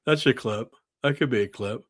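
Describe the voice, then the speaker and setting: A man's voice: mid-range voice, moderate pace, no room sound. A man hosting a casual podcast, rambling off into absurd tangents. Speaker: podcast host.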